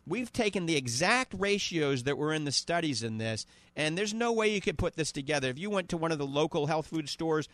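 This is a man in his fifties with a New Orleans accent, talking on a radio call-in show. He sells a product with eager, repetitive nudges to the listener. His voice sits a little high and sounds dry and close to the mic. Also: a bit bright, dry recording. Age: 50s. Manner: salesy, repeats "okay?" and "all right?" to the listener. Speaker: radio host selling supplements.

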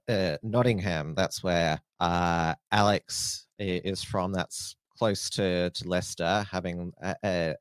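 A man hosts an interview in a very deep, smooth voice. He talks slowly and haltingly, filling gaps with "uh". The recording is dry and close. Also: no echo. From Australia. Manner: slow and halting, many "uh" fillers. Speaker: host. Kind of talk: interview questions.

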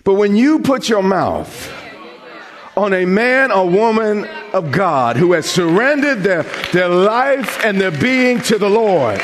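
A man preaching a sermon as pastor, with dramatic pauses, rising emphasis and questions thrown out to the congregation. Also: sits high, very animated, some chatter behind. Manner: call-and-response questions to the congregation.

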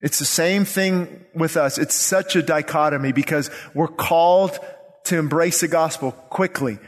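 A man's voice: on the high side, unhurried. A male pastor preaching a sermon with urgent, impassioned delivery and repeated phrases. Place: church sanctuary. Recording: long reverb of a church hall.

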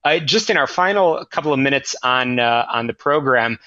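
A man hosting a business show, interviewing a guest with many halting fillers. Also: mid-range voice, lively intonation, pushed and bright, no echo, lo-fi sound. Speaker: radio show host.

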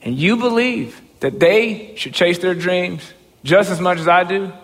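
A man giving a humorous, self-mocking storytelling talk as a motivational speaker, often breaking into excited shouts. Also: high voice, unhurried, in a large hall.

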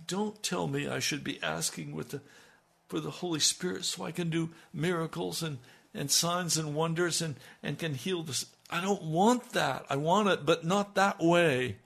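A man preaching an impassioned radio sermon as pastor, swinging between loud emphasis and hushed, intimate lines. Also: fairly high pitch, moderate pace, gravelly, slightly rough.

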